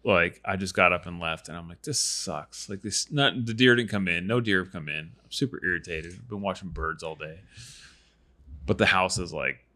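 A man in his thirties casually telling a lively hunting story on a podcast, acting out quotes. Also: low-pitched, moderate pace. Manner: animated storyteller, acts out quotes. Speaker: podcast host and hunter.

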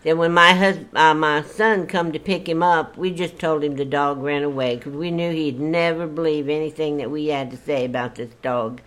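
An older woman spinning a story from her own life in a relaxed, chatty way. She talks in a folksy manner, breaking into exclamations as the story builds. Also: deep voice, moderate pace, few pauses. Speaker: storyteller guest. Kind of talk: casual storytelling.

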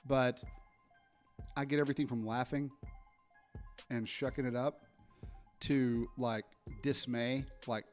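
Male podcast co-host in his thirties, mid-pitched, an animated storyteller who plays out both sides of a deal; faint music bed. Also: slow, pauses often. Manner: animated storyteller, acts out customer exchanges. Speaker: podcast co-host, car salesman. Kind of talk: casual podcast chat.

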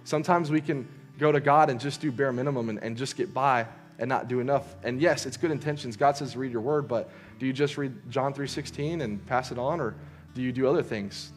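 A man's voice: medium pitch, fairly quick, soft background music. A young man, preaching a casual sermon as he tells a story, with lots of fillers and restarts. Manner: conversational, lots of fillers and restarts, voices characters in quotes. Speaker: youth preacher.

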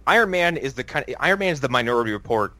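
A young man co-hosting a podcast in casual chat, animated and swearing freely, acting out quotes as he talks. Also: mid-range voice, rapid-fire, dry recording. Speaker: podcast co-host.

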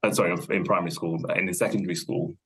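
A young man, a podcast guest thinking aloud in a relaxed, rambling way, full of fillers and self-corrections. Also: sits low, fast, slight background noise. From London, England. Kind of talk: casual conversational interview.

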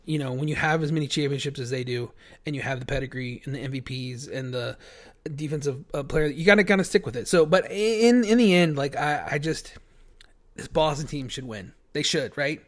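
A man's voice: fairly high pitch, lively intonation, fairly quick. A man co-hosting a casual sports chat who rambles and repeats his words. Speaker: podcast co-host.

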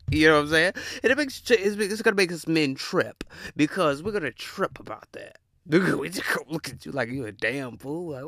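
A man ranting in a blunt, animated, slang-heavy monologue as podcast host, laughing often. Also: mid-range voice, no room sound, studio quality.

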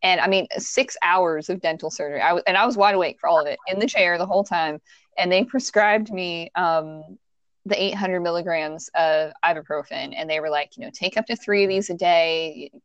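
A woman in her thirties tells stories in a relaxed chat. She laughs often and acts out what people said. Her voice is recorded close and dry, with no room sound. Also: on the low side, a little fast, no room sound, highs cut off. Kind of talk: casual storytelling chat.

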